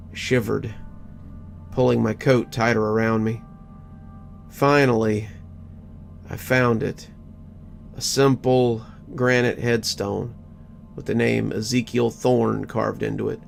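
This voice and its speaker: A man narrating a first-person horror story in a measured, scripted way. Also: medium pitch, fairly even intonation, vocal fry. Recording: faint background music.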